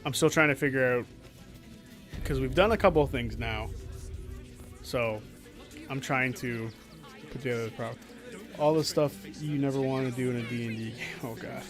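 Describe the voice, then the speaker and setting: A man's voice: mid-range voice, moderate pace, pauses often, music in the background. Man chatting through a game. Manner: chatty, joking asides. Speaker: game streamer. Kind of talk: casual let's-play commentary.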